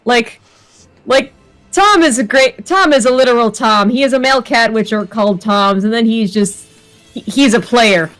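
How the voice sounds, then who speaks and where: A woman's voice: a little high, moderate pace, fairly bright tone, faint music behind. A woman co-hosting a game stream, chatty and giggly, going off on long explanatory tangents. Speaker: stream co-host. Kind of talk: casual chat over a game stream.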